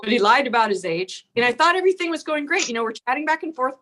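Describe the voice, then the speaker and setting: A woman's voice: high voice, big pitch swings, fast talker, a bit bright. An older woman performing a raunchy stand-up set over a video call from home, mocking herself and laughing at her own jokes. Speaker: stand-up comic.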